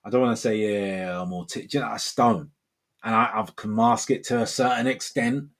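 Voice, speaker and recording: A man in his forties hosts a livestream with a voice on the low side, fairly even intonation and a brisk pace. He reads viewer comments and chats in a relaxed, rambling style, saying "man" and "bro" a lot.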